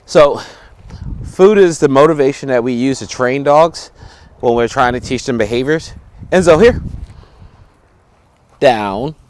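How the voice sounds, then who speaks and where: A man's voice: mid-range voice, normal speed, a little mellow, slight background noise. A man teaching dog training outdoors, explaining each step and giving short commands to a dog, often checking in with "right?" and "okay?". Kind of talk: instructional dog training video.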